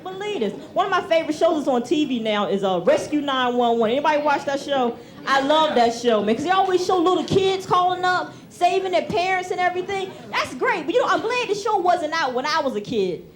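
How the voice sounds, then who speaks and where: A woman doing a stand-up set on a TV club stage, animated and conversational, acting out family members. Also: high voice, brisk. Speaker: stand-up comedian. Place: comedy club stage with audience. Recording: 1990s TV club recording. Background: audience laughter.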